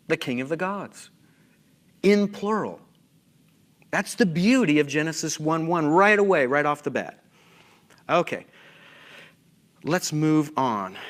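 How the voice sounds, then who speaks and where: A middle-aged man lecturing at a conference, animated and full of rhetorical questions, sometimes losing his place. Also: on the high side. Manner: self-interrupting, loses his place. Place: lecture hall.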